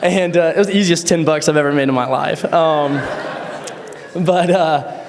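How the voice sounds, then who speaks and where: A man's voice: a little high, moderate pace. A young man, a friend of the groom, giving a casual wedding toast full of fillers and stories in a reception hall. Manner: casual, rambling, with many fillers and laughs. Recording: echoey hall sound.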